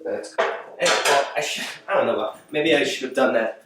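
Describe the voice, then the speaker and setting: A man's voice: mid-range voice, moderate pace, noisy background. Guy hosting a talk show from his apartment, rambly, keeps correcting himself, chuckles mid-sentence, very echoey room, mic far away. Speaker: host of a home talk show. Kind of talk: casual late-show monologue.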